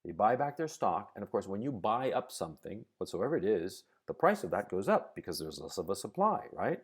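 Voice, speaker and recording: A man's voice: fairly low pitch, big pitch swings, brisk, husky. A man hosting a live stream, ranting about politics and the economy with lots of swearing. He explains with everyday examples, drops into sarcastic mock quotes and checks in with his viewers.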